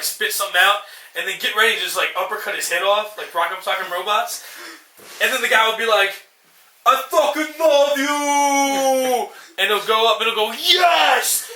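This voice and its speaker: Young male co-host, sarcastic profane ranter, sharp high voice, roomy sound. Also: slight background noise. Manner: sarcastic, profane, acts out movie lines. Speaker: podcast co-host. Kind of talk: casual ranting chat.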